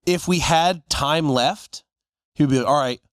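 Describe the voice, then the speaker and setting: A man's voice: on the high side, unhurried, no room sound, clean studio sound. A man in his forties, a podcast co-host, telling stories casually and acting out the voices of people he quotes. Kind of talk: casual storytelling chat.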